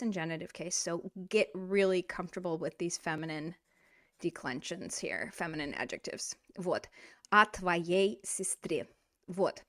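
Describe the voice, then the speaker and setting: A woman teaching a casual language lesson, animated and playful, speaking straight to the learner. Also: fairly low pitch. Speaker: Russian teacher.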